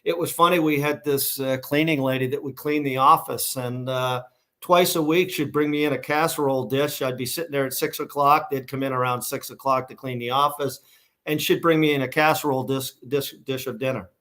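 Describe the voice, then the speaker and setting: A middle-aged man with a Boston accent talks as an interview guest. He tells his stories in a loose, rambling way, full of fillers and restarts, at an everyday mid pitch. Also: steady tone, a little fast, pushed and bright. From Massachusetts, USA. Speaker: guest, shoe company founder. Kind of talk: casual storytelling interview.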